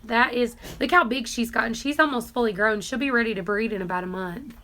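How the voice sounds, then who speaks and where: A woman's voice: a little high, brisk, pushed and bright, a little hiss or hum. A woman on a casual live stream from her barn, emotional and tearful, rambling as she talks to her viewers. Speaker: homestead vlogger.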